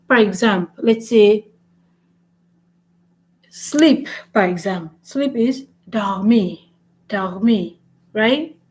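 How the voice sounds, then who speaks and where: A woman's voice: on the high side, animated, takes it slowly, pauses often, rough recording. A woman hosting a casual language lesson vlog, switching between French and English and repeating points with "right?". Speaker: language-learning channel host.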